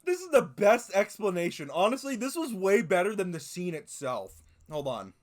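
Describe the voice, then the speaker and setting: A male streamer reacting casually, with a slightly high voice that moves lively through his lines. He talks loosely and swears freely between his comments. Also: normal speed.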